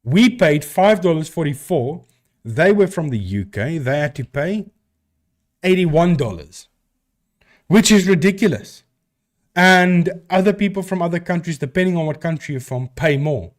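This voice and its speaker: A man's voice: fairly high pitch, lively intonation, moderate pace. A man from South Africa with a South African accent, a live stream host chatting casually and answering viewers with rambling restarts.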